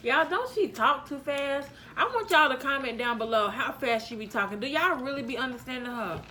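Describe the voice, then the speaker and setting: A woman's voice: high voice, lively intonation, fairly quick, pushed and bright, slight background noise. A middle-aged woman and mother, chatting casually at a home dinner table, teasing and mock-scolding in a laid-back way. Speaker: mother and vlog host. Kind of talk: casual family chat over dinner.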